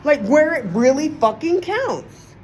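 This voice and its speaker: A woman's voice: very animated, slow, a little mellow, muffled recording, slight background noise. A woman venting in a heated, profane, emphatic monologue to her viewers. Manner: heated, profane and emphatic, with sudden pitch swings. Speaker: vlogger.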